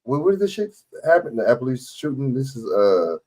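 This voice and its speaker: A man's voice: mid-range voice, big pitch swings, brisk, a little mellow. Rambling, profane male stream host. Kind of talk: casual reaction chat.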